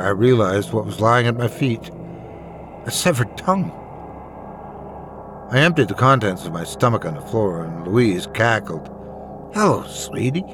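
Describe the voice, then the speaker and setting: A man narrating a first-person horror story in a measured, dramatic way. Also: fairly low pitch.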